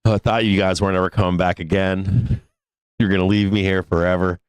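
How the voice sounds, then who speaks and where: A man's voice: low-pitched, fairly even intonation, fairly quick, clear, resonant tone, dry recording, natural voice. A man voicing his anxious, clingy pet dog in an apologetic, whiny tone. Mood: pleading.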